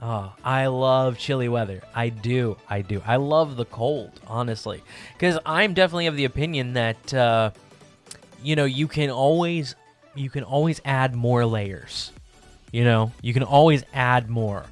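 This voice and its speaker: A man's voice: mid-range voice, unhurried, soft background music. A man hosting a live art stream from his basement apartment, chatting casually with viewers, laughing often and restarting his sentences. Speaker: livestream host.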